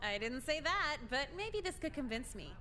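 A woman's voice: high voice, normal speed, exaggerated voice. A woman voicing a dry, sarcastic teenage girl student in a game. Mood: curious. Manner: deadpan, wry. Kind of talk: game character voice acting.

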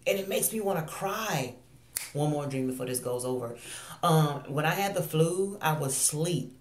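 A woman's voice: lowish voice, normal speed, roomy sound. Earnest woman sharing a faith testimony. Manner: earnest, confessional, repeats phrases. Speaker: online Christian minister. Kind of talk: personal testimony monologue.

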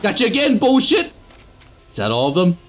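A young man giving sarcastic let's play commentary on a horror game, swearing and yelling at jump scares. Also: sits high, wildly swooping pitch, moderate pace, background noise. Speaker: gaming YouTuber.

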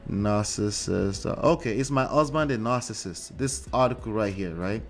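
A man's voice: lowish voice, moderate pace, slight background noise. A man hosting a relationship commentary show in a casual monologue, talking conversationally with frequent "right?" tags and fillers.

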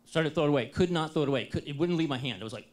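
An American man giving a talk to an audience, telling a personal story in a lively, self-deprecating and humorous way. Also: fairly high pitch, racing. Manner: lively, self-deprecating and humorous, acts out his own past dialogue.

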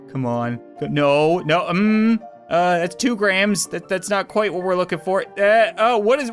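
A woman giving comedic let's-play commentary, swinging between panicked squeals and dry sarcastic calm. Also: on the low side. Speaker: gaming video host.

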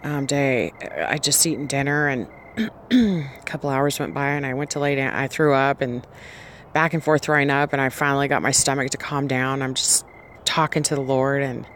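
A woman's voice: a bass voice, steady tone, moderate pace, a bit bright, slight background noise. A pregnant woman vlogger giving an earnest, rambling personal faith testimony, often restarting her sentences.

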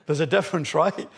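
A man with an Australian accent preaching a sermon as pastor, rising to emphatic, loud phrases. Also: sits high, creaky, slightly rough. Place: church hall.

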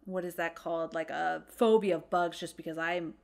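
A woman's voice: fairly low pitch, steady tone, moderate pace, vocal fry. A woman in her thirties, a mother, co-hosting a casual podcast in a chatty, self-deprecating way with frequent "um"s. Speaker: podcast co-host. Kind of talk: casual chat.

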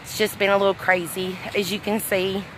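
A woman's voice: medium pitch, little pitch movement, a little fast, background noise. A middle-aged woman from Arkansas with a Southern accent, chatting casually on a livestream outdoors, a little out of breath and reading comments aloud. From Arkansas, USA. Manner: chatty, affectionate, reads comments aloud, frequent laughs. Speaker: livestream host. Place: outdoors at a fireworks tent after a storm. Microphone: phone held at arm's length.

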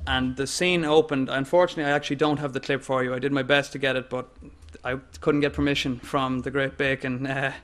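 A man with an Irish accent giving an academic lecture in a measured way, with fillers and restarts. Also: mid-range voice, level tone, a bit bright. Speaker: guest lecturer.

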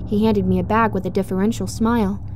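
A woman giving scripted horror story narration in a measured, hushed, suspenseful way. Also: medium pitch, flat delivery, background noise.

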